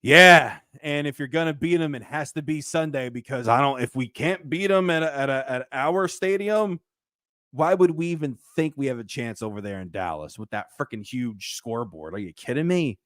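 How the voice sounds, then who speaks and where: A man hosting a casual sports talk show, animated and emphatic, often repeating his points. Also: mid-range voice, moderate pace, no room sound, clean studio sound.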